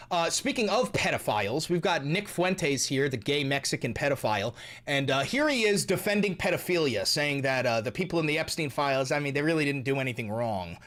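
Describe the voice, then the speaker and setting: A man's voice: fairly high pitch, a bit bright. A man hosting his stream, giving casual news commentary with profane, indignant ranting and mocking asides. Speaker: streamer and host.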